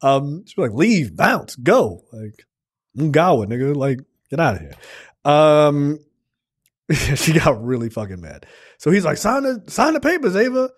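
A man's voice: medium pitch, sing-song, measured pace, husky. A man in his forties co-hosting a casual film review, loose and profane, with many fillers and acted-out quotes. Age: 40s. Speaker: podcast co-host. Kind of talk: casual movie review chat.

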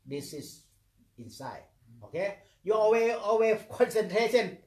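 A man's voice: high voice, big pitch swings, unhurried, darkish tone. A man who is a meditation teacher monk, giving a dharma talk in simple English, repeating words in rhythmic chains and often asking "okay?". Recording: echoey room.

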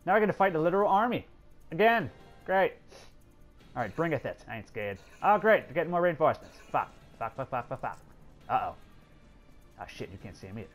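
Excitable man swearing through game commentary. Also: fairly high pitch, brisk, long pauses, faint music behind. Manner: excitable, swears a lot, talks to game characters. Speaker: gameplay commentator. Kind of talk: casual let's play commentary.

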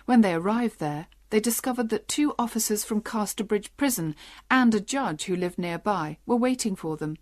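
A woman narrates a graded storybook for learners of English. Her reading is clear and steady, at an ordinary middle pitch. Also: moderate pace.

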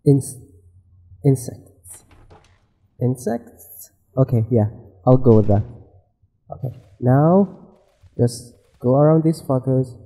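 Gamer guy, deep mellow tone, unhurried delivery, cursing at his game, long reverb tail on the voice. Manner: swears a lot and talks back to the game. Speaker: let's play gamer. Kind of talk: casual gameplay commentary.

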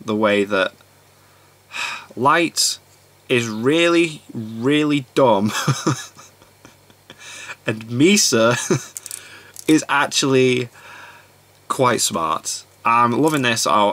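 A man's voice: mid-range voice, slow, long pauses, bright, forceful tone. A man hosting a reaction video, chatting casually and laughing often. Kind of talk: casual commentary.

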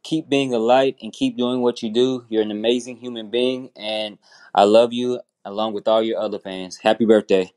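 Earnest man, birthday shout-out. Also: lowish voice, fairly even intonation, normal speed. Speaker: fan sending a message. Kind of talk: recorded birthday message.

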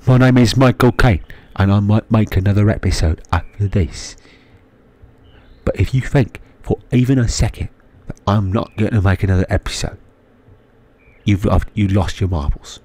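A man putting on a boastful older gentleman, loud and theatrical. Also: fairly low pitch, normal speed, close to an everyday voice.

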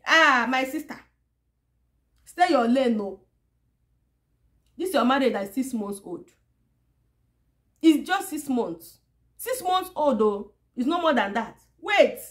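Woman vlogger, Nigerian Pidgin accent, high-pitched and sarcastic, keeps hammering the same line. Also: expressive, unhurried, pauses often. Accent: Nigerian Pidgin English. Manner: sarcastic, repetitive and emphatic. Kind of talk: casual monologue to camera.

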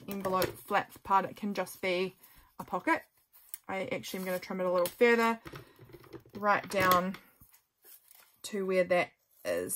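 A woman's voice: medium pitch, fairly bright tone, a little hiss or hum. A woman chatting casually to her viewers while she crafts, talking through each step with self-mocking jokes, her voice a little sore from talking. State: voice getting sore. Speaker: craft vlogger. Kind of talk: casual journal-with-me narration.

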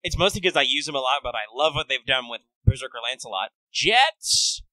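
A man's voice: mid-range voice, animated, brisk, pushed and bright, no room sound, poor audio. A man co-hosting a podcast in easygoing, casual chat, hesitating often. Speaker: podcast co-host.

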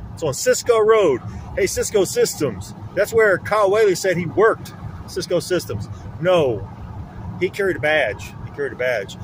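A man's voice: fairly high pitch, a little hiss or hum. A middle-aged man filming a rambling vlog on his phone outdoors. He talks in an aggrieved, accusatory way and keeps repeating himself. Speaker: vlogger. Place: outdoors, around a lake. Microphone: handheld phone.

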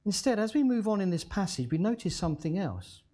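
A male pastor delivers a sermon in a mellow, warm voice. He tells the story dramatically, his pitch swinging widely, and he slows almost to a hush on the words he wants to land. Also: big pitch swings.

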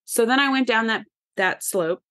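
A woman podcast host, candidly telling a personal story to her listeners in a lively, conversational way. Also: on the high side, normal speed. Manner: animated, candid, addresses listeners as y'all.

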